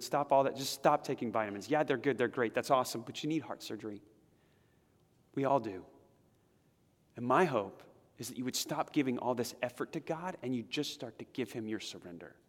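Impassioned male pastor in a reverberant church. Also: medium pitch. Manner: impassioned, swinging from loud emphatic build-ups to hushed prayer. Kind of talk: sermon. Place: church sanctuary.

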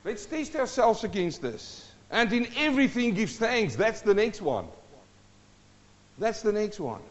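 Unhurried yet very animated, a high-voiced pastor exhorts his listeners through rhetorical questions and at one point sings a hymn line. The room is a church hall with a long, dull reverb.

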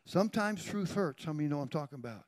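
Animated and quick, a man with a slightly high voice preaches as pastor, naming members of his congregation in call-outs throughout a sermon with a live demonstration. The studio-quality audio has no room sound.

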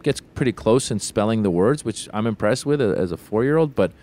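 A man co-hosting a casual comedy podcast, telling animated stories, acting out dialogue and using many "like" fillers. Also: on the low side, brisk. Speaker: podcast co-host.

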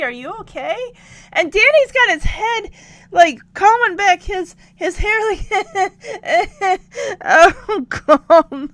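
A woman telling stories casually to camera, animated and emotional, breaking into laughs and sighs. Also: very high voice, dry recording. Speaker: vlogger.

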